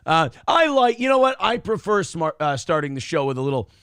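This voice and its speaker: A man's voice: on the high side, brisk, clear, resonant tone, dry recording, studio quality. A man co-hosting a casual morning show, telling stories with crude, swearing banter. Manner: animated, crude, lots of swearing. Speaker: podcast co-host.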